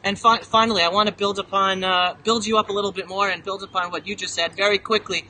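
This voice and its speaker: A speaker outdoors making an earnest, persuasive pitch for a program to a group. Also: little pitch movement, quick pace, sharp tone, a little hiss or hum, rough recording.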